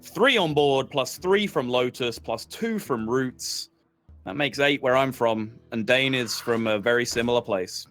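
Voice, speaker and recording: A man's voice: medium pitch, measured pace, a bit bright, soft background music. A man co-casting a card game match, dry and wry in his banter. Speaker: esports co-caster. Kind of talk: live game commentary.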